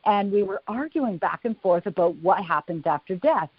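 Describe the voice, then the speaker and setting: A woman guest in an interview telling stories in a lively, animated way. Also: mid-range voice, normal speed, breathy edge, no room sound. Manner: lively storyteller, animated and laughing. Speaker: psychic-medium guest. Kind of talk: storytelling in an interview. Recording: dull lo-fi dry sound.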